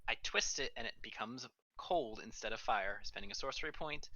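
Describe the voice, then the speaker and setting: A player in an online tabletop game, lively and swearing, describing spell moves. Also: mid-range voice, dry recording, highs cut off. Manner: lively, swearing, quick to laugh.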